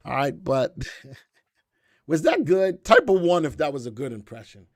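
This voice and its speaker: A man hosting a live stock market stream, talking in a chatty, energetic way and answering viewer comments as he goes. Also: on the high side, a little slow, no room sound, clean studio sound. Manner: chatty and energetic, often checking in with "all right?". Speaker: stock market show host.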